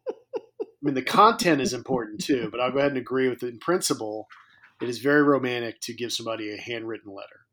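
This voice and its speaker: A man's voice: mid-range voice, fast talker, a bit bright. A man co-hosting a podcast in casual chat, dry and joking, with hesitant fillers. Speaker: podcast co-host. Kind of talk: casual chat about a dating show.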